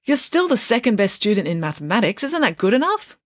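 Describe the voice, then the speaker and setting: A woman's voice: mid-range voice, very animated, fairly quick, dry recording, studio quality, voice pushed up. A woman voicing a fussy, ambitious schoolgirl in a storybook reading, speaking in a prim, emphatic way. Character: ambitious schoolgirl, fussy top maths student.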